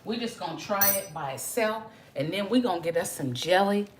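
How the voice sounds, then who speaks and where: A woman hosting a home cooking video, chatting warmly with viewers and calling them y'all and baby. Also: medium pitch, expressive, fairly quick, slight background noise. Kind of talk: casual cooking demonstration to viewers.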